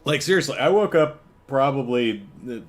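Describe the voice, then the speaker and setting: A man's voice: medium pitch, lively intonation, moderate pace. A man hosting a casual solo podcast from home, telling stories in a wry, chuckling way with lots of restarts. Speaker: podcast host. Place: home, apartment.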